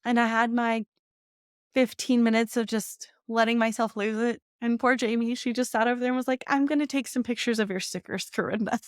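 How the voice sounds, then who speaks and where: A woman's voice: fairly high pitch, steady tone, brisk, smooth, dry recording, clean studio sound. Candid woman telling a story. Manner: candid, emotional, laughs often while telling. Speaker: podcast host. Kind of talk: personal storytelling monologue.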